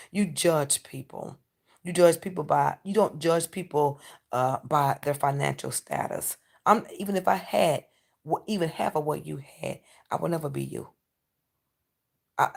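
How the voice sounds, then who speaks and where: A woman's voice: low-pitched, darkish tone. A woman in a casual vlog monologue, ranting and preaching with plenty of profanity. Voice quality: gravelly. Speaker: vlogger.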